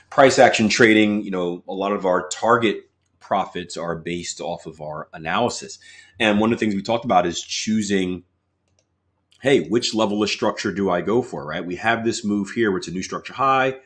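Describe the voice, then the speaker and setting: A man with a lowish voice teaching chart trading live from his desk. He talks in a relaxed, chatty way, asking viewers to chime in as he goes. It sounds like a desk mic in a home office. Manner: casual, chatty, addresses viewers directly. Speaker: trading coach.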